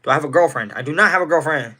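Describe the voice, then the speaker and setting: A man's voice: fairly high pitch, very fast, pushed and bright. A nineteen-year-old man from Indiana, livestreaming casually, rambling and greeting viewers in chat by name. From Indiana, USA. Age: teens.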